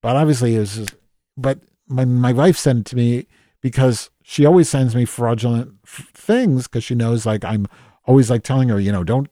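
The podcast host, lightly acting, uses a mid-range, dark-toned voice at normal speed in a studio-quality recording with no echo. He improvises a comedic monologue as Madge, a foul-mouthed, grumpy office worker, rambling, swearing, belittling himself and restarting many times.

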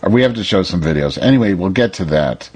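A low-pitched man with a husky edge to his voice, bossing his co-host around in crude comic banter. His pitch swings widely as he teases and scolds, and the sound is close and dry. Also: animated, fast, darkish tone, no room sound. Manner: bossy, teasing and impatient. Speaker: podcast co-host. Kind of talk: crude bickering comedy banter.

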